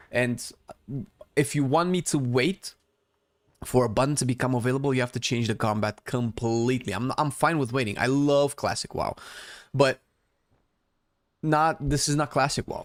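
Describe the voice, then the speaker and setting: A man streams a game and chats casually with viewers, answering chat and giving blunt opinions as he thinks aloud with frequent restarts. His voice is medium-pitched at normal speed, with no room sound.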